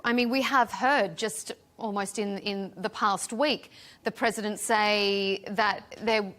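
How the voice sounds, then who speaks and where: A woman anchoring a live TV news interview, questioning her guests briskly and directly. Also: fairly high pitch, a bit bright.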